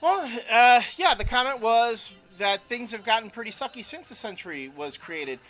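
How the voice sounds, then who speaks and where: A man's voice: very high-pitched, lively intonation, moderate pace, a bit bright. A man co-hosting a casual chat show, opinionated and rambling, with lots of fillers. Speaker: co-host.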